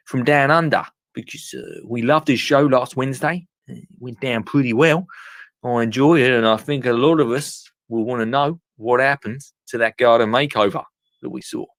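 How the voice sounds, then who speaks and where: A man's voice: mid-range voice, a bit bright, no echo. A man hosting a live gardening call-in show, rambling and laughing at himself in casual chat. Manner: rambling, chuckling, self-mocking.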